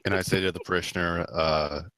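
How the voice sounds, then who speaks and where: A man playing a tabletop game, speaking quietly and politely in character. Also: deep voice, steady tone, fairly quick, smooth, no room sound. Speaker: player. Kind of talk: tabletop role-play.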